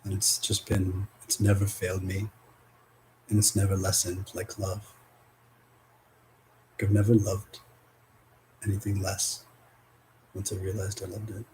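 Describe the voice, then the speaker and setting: A man's voice: low-pitched, completely flat delivery, measured pace, pauses often, a little hiss or hum, rough recording. Rambling, swearing man reading cards. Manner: rambling, swears, laughs, swings from loud to soft. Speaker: spiritual card reader. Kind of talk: casual spiritual vlog, reading oracle cards.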